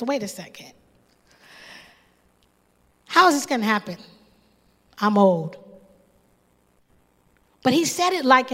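A woman's voice: sits high, bright, forceful tone. A woman preaching a sermon, impassioned and calling out to the congregation. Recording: long reverb.

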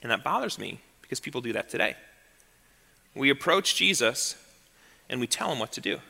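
Male pastor, sermon, very bright tone, slightly high voice, long hall reverb. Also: big pitch swings, brisk, gravelly. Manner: emphatic preaching, drops to soft low tones for quotes.

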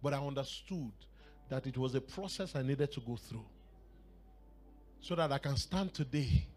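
A man with a Nigerian accent preaching a sermon in church, telling a personal story with laughter and shouted exclamations. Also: medium pitch, moderate pace, soft background music.

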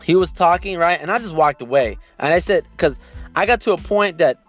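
A man's voice: a little high, expressive, fairly quick, fairly bright tone, faint music behind. A man hosting a podcast, telling a story in a casual, indignant rant and addressing his listeners directly. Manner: indignant, talks straight to listeners. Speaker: podcast host.

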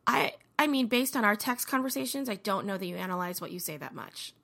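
A woman's voice: medium pitch, lively intonation, fast talker, gravelly, heavy background noise. A woman co-hosting a podcast, playful and teasing in casual chat. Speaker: podcast co-host.

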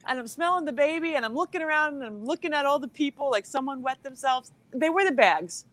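A woman comedian chatting as a podcast guest, giggly and rambling, telling stories in an animated way. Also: high voice, fast talker. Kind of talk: casual podcast chat.

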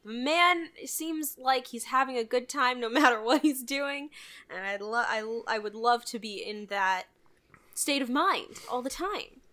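A woman co-host chatting casually about a movie. Her voice sits high and sounds bright, and she talks animatedly, slipping into quick voices to act out scenes. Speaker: podcast co-host.

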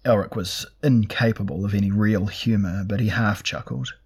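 A man narrating a fantasy novel in a measured, even storytelling manner. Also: fairly low pitch, breathy edge. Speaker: audiobook narrator.

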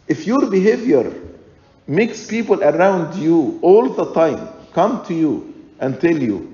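A man preaching a sermon in a slow, deliberate, emphatic way, repeating his points. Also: high voice, animated, mellow. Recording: echoey hall, dull lo-fi sound.

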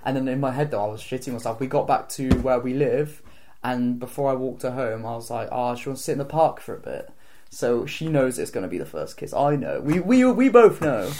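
A man's voice: medium pitch, animated, a little mellow, slight background noise. A young man telling a frank story in casual chat, laughing often and acting out what he said back then. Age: young adult. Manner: rapid, laughing, frank, acts out his own quotes. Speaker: podcast co-host.

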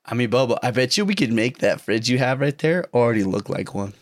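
Excitable rambling man co-hosting a gaming chat. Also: medium pitch, a little fast. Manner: excitable and rambling, laughs often. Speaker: co-host of a gaming stream show. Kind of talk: casual chat.

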